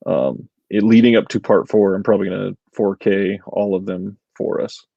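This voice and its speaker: A married man co-hosting a casual chat, dropping dry deadpan quips. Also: lowish voice, moderate pace, vocal fry, no echo. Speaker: podcast co-host. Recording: dull lo-fi dry mic.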